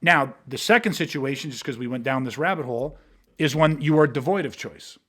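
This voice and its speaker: A man's voice: medium pitch, lively intonation, fairly quick, a bit bright. A man talking bluntly and emphatically in a podcast conversation, swearing freely as he walks through street-confrontation scenarios. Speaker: martial arts instructor.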